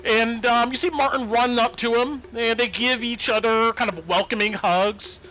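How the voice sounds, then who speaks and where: A man's voice: very high-pitched, steady tone, normal speed, pushed and bright. A man narrating as game master on a live stream, talking casually with fillers and restarts. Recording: dull lo-fi stream audio with faint music.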